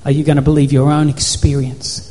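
A man preaching a sermon as pastor, building to repeated, shouted phrases. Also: on the high side, level tone, a little fast. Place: church hall. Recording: reverberant church hall.

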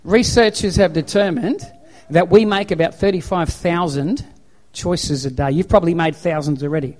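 A man's voice: a little high, moderate pace, darkish tone. A man preaching a sermon into a handheld microphone to an audience, in an emphatic, repetitive exhorting manner. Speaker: pastor.

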